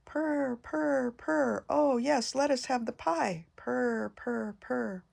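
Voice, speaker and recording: A woman's voice: takes it slowly, creaky, darkish tone, heavily acted. Grandmother doing fretful little kittens. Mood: purring. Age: older. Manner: high mewing singsong. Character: three little kittens, small, fretful and pleading.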